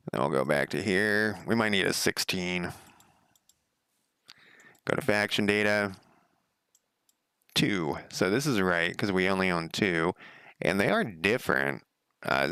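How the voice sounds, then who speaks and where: A man's voice: low voice, expressive, takes it slowly, long pauses, bright, forceful tone, clean tone, dry recording, studio quality. A middle-aged man giving casual, rambling commentary as he codes a game, talking to himself and laughing at his own slips. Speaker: game developer streaming his coding. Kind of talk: casual live coding commentary.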